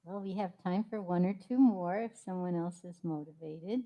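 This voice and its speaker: A woman hosting a spiritual gathering, speaking gently. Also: fairly low pitch, normal speed. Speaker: service host. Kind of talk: casual hosting.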